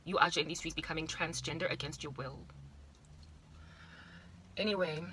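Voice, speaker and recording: A woman's voice: sits low, steady tone, normal speed, pushed and bright, slight background noise. A South African woman in her thirties, rambling playfully through a casual monologue with exaggerated asides. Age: 30s. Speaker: vlogger.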